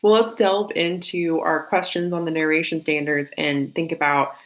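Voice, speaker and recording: A woman's voice: sits low, fairly even intonation, normal speed, a little hiss or hum. A woman with a light Southern US accent, teaching a literature lesson in a chatty, think-aloud way with frequent fillers and self-corrections. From Southern United States. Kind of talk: recorded classroom lesson.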